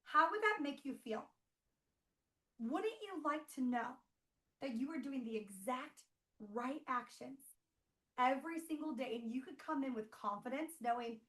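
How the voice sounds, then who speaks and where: A woman coaching online business owners in an energetic, emphatic training, repeating rhetorical questions and calling her audience "you guys". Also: sits high, moderate pace, low-quality recording.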